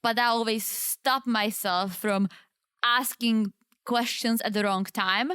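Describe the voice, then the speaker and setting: A woman's voice: on the high side, fairly even intonation, takes it slowly, fairly bright tone, clean tone, dry recording, studio quality. A woman with a Czech accent, co-hosting a podcast in chatty, self-deprecating conversation. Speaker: podcast co-host. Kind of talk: casual chat.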